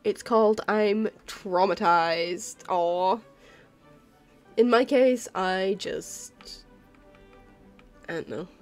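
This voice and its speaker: A woman's voice: mid-range voice, drawn-out words, pauses often, soft background music. A tired woman streamer chatting casually while she draws, rambling, apologizing and laughing often. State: tired and yawning. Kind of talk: casual chat while drawing.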